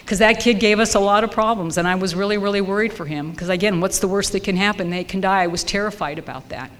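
A woman in her fifties from Southern California, sharing a wry, lively personal story with a support group meeting. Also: mid-range voice, quick pace. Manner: lively, wry, acts out her own reactions. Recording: long hall reverb, faint noise.

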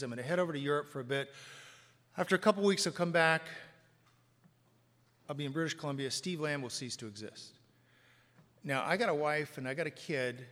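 A middle-aged man telling his recovery story to a live audience, wry and self-mocking, swinging from quiet asides to loud outbursts. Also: on the high side. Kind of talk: personal testimony to a live audience. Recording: long hall reverb.

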